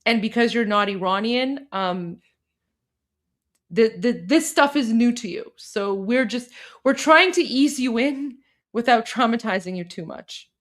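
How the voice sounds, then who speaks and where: A woman's voice: a little high, lively intonation, measured pace, fairly bright tone. Chatty woman co-hosting a live stream. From Iran. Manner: chatty, many fillers and restarts. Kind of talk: casual live-stream chat.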